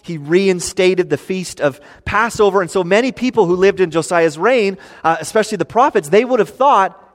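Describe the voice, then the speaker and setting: A man teaching a sermon, explaining a Bible passage in an earnest, animated way. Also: sits high, normal speed, few pauses, big-room sound. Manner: earnest, animated when voicing complaints. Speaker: preacher.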